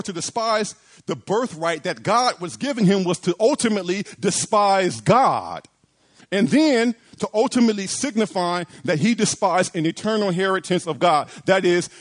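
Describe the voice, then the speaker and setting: A male preacher delivering a sermon in a high, animated voice that swoops up and down. He repeats his phrases and throws out rhetorical questions. He acts out the pleas he quotes.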